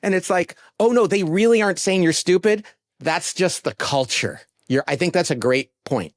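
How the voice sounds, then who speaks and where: A man speaking as an interview guest, expressive and often acting out the voices of the people he quotes. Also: high-pitched, normal speed, no room sound, clean studio sound. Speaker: guest author. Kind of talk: casual interview chat.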